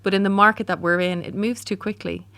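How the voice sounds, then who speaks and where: A woman's voice: medium pitch, fairly even intonation, brisk, fairly bright tone, no room sound. A woman in her forties with an Irish accent, a startup founder answering interview questions candidly, with frequent ums and restarts. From Ireland.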